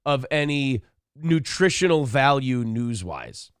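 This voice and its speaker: A man's voice: medium pitch, very animated, slow, clear, resonant tone, dry recording, studio quality. A man co-hosting a morning talk show, joking crudely and reading chat comments aloud. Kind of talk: irreverent comedy chat.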